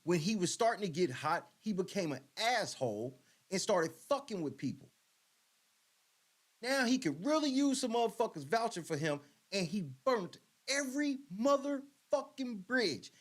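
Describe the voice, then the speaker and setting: A man's voice: high-pitched, sing-song, normal speed. A man hosting a podcast, reacting to a clip with blunt, profane, mocking commentary. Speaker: podcast host. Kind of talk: casual commentary.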